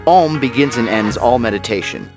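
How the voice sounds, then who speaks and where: A man's voice: mid-range voice, animated, normal speed, close to an everyday voice. A man voicing a jokey, irreverent male AI companion in a video game, cracking sarcastic asides. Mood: wry. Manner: sarcastic, playful, chants and sings. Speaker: wisecracking sidekick in a video game. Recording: game audio with music behind. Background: game music.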